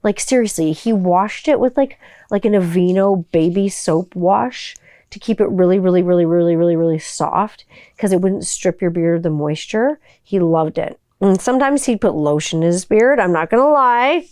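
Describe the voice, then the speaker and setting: With a fairly low, darkish voice at a moderate pace, a podcast host talks casually by herself, meandering through lots of "like" and playful tangents. She hums a silly tune while mulling things over, and the studio-quality audio has no echo.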